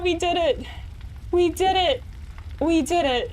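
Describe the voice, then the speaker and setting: A woman streaming live who is overjoyed and breathless, laughing, shaky with excitement and repeating herself as she thanks her chat. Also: extremely high pitch, unhurried, noisy background.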